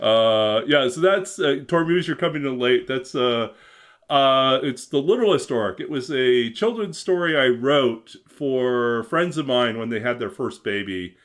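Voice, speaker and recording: A man with a mid-pitched voice tells a bedtime-style fairy tale in a gentle, expressive way, his pitch rising and falling widely from line to line. Between readings he drifts into relaxed, casual chat with his viewers. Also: a little slow. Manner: expressive, gentle storyteller who swings his pitch a lot. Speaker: game streamer reading his own story. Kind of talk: storybook reading aloud, then casual chat.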